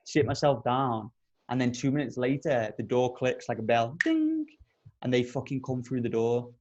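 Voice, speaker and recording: A man co-hosting a podcast, telling a long anecdote in casual chat, full of swearing and lively detail. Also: mid-range voice, normal speed, muffled recording. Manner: animated, profane anecdote telling. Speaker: podcast co-host.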